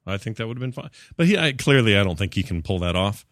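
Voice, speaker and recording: Guy hosting a movie chat, super lively swoopy voice, jokes around a lot, dry close mic. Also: lowish voice, fast, no echo. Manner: animated, jokey, puts on silly voices when quoting.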